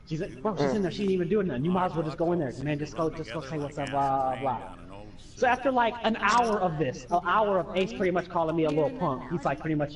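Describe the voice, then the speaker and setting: Young man, high voice, casual streamer storytelling, profane, acts out quotes, slightly distant mic. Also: fast, crowd noise. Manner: animated, profane, acts out quoted friends and family. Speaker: streamer telling stories while playing. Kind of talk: casual storytelling over gameplay.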